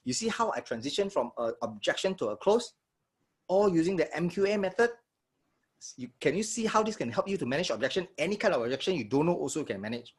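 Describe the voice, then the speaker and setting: Husky-voiced man teaching sales. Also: fairly high pitch, quick pace. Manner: energetic, checks in with audience often. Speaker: sales trainer. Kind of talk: live online workshop teaching.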